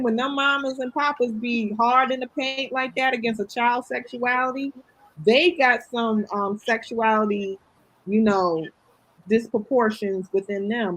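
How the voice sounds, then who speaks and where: Husky woman podcast co-host. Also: fairly high pitch, fairly bright tone, low-quality recording. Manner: assertive, lecturing tone. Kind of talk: casual chat.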